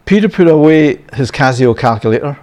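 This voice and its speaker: A man's voice: a little high, lively intonation, a little fast, a little mellow. A man giving a sermon-style Bible lesson, often checking in with "yeah?" and "right?" and chuckling. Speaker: Bible teacher.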